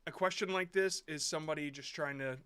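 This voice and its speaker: Brief: male streamer, slightly high and bright tone, blunt and rambling, casual commentary. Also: a little fast, clear, resonant tone. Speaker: host reviewing viewer shorts.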